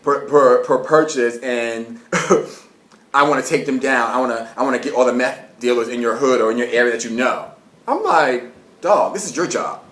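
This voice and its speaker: A young man tells a story in a casual monologue, animated and swearing, with quick rants and laughter. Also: medium pitch. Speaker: vlogger. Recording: roomy echo.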